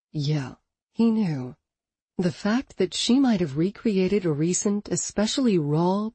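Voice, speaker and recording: Give me a woman narrating an audiobook with a dark, mellow tone, expressive and dramatic. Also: fairly low pitch, slightly rough, no echo. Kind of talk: scripted narration.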